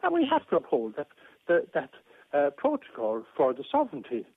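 An older man from rings in to a radio show, his voice sitting fairly high and coming through a thin, tinny phone line. He talks in an aggrieved, rambling way, circling back with many restarts and repeated words. The sound is dry and close. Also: huge pitch swings, fairly quick, slightly rough, dry recording. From Ireland. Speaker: caller.

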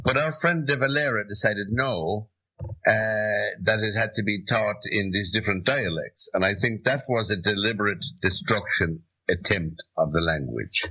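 Emphatic Irish man, husky bright voice. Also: on the low side, normal speed, poor audio. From Ireland. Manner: emphatic and opinionated. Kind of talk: opinionated talk show chat.

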